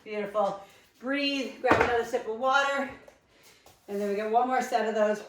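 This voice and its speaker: A breathless woman leads a home workout, cueing moves in a chatty, encouraging way. Her voice sits a little high. The sound is roomy and picked up from a few steps away. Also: moderate pace, noisy background. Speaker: fitness instructor. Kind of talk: live workout coaching. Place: home living room. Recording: echoey room, mic at a distance.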